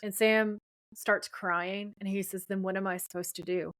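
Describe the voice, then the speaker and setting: A woman's voice: medium pitch, fairly even intonation, normal speed, a bit bright, no room sound. A woman co-hosting a podcast, casually retelling a TV episode scene by scene and quoting the characters' lines. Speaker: podcast co-host.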